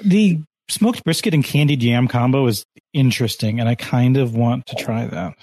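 A man's voice: mid-range voice, moderate pace, darkish tone, dry recording. A man co-hosting a podcast in casual chat, easygoing and analytical. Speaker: podcast co-host.

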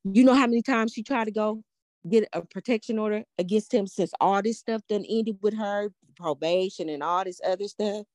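An older woman hosts a casual show and tells a story with plenty of swearing. She builds suspense with rhetorical questions. Her voice sits at a middle pitch and sounds dry and close to the mic. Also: moderate pace, darkish tone, no room sound. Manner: blunt, profane, emphatic, keeps asking rhetorical "guess what". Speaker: podcast host. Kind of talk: casual storytelling to a live audience.

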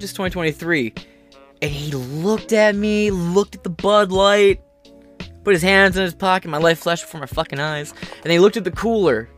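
A man's voice: high-pitched, fairly bright tone. A man hosting a podcast, giving casual, sarcastic commentary on a news article and swearing freely as he rambles into stories. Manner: profane, sarcastic, rambling storyteller. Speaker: podcast host.

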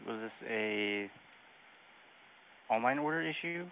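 A man answering the phone at a shop, speaking in a brisk, polite, deadpan way over a tinny phone line. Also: medium pitch, slight background noise. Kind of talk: customer service call.

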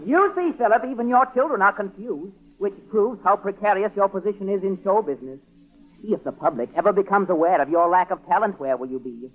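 Brief: prissy, high-voiced snob, vintage radio sitcom, tinny. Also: male voice, expressive, fairly quick. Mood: sniffy. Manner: haughty, fussy, condescending. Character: pompous, snobbish adult brother-in-law. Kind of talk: 1940s radio sitcom acting. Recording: tinny old radio broadcast.

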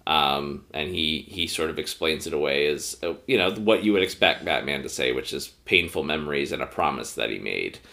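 A man's voice: a bass voice, lively intonation, normal speed, vocal fry, few pauses, bright, forceful tone. A man co-hosting a podcast, casually recapping an episode with a rambling manner and many fillers. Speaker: podcast co-host.

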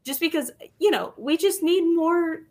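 A woman co-hosting a casual podcast, talking with an enthusiastic fan's excitement. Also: very high voice, unhurried, a crowd in the background. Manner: enthusiastic fan talk. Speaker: podcast co-host.

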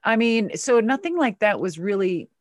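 Animated woman spinning a life story. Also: moderate pace, dry recording, studio quality. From Minnesota. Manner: animated, swings pitch for quoted voices. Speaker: guest. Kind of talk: casual storytelling interview.

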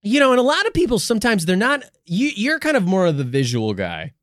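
Comedy co-host, male, deadpan improviser, animated intonation, dry recording. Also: high-pitched, quick pace, dry recording. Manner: deadpan riffing, playing along.

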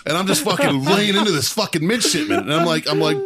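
A man co-hosting a podcast, telling a profane story in a casual, animated way and acting out the shouting in it. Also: high-pitched, quick pace, hardly any pauses. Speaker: podcast co-host.

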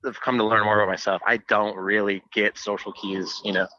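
A man's voice: on the low side, flat delivery, fairly quick, sharp tone, no echo, lo-fi sound. A man who plays in a band, a podcast guest telling stories in a dry, sarcastic way. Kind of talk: casual interview chat.

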